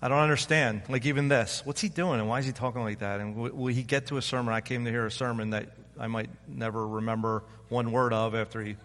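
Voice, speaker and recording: A man's voice: medium pitch, fairly even intonation, fast, hardly any pauses, fairly bright tone, long reverb tail. A man in his fifties, a pastor preaching an informal, conversational sermon and acting out other people's voices. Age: 50s. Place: church sanctuary.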